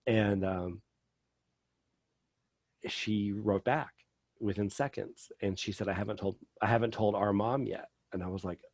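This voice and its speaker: A man's voice: fairly low pitch, dry recording. A middle-aged man telling a personal story as a podcast guest, rambling with lots of fillers.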